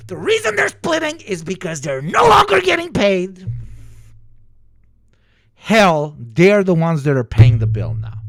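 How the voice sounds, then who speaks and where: A man streaming a profane, heated political rant, sweating and shouting at times. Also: very high-pitched, creaky, slightly rough, no room sound, studio quality. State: sweating, flushed. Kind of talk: ranting political commentary.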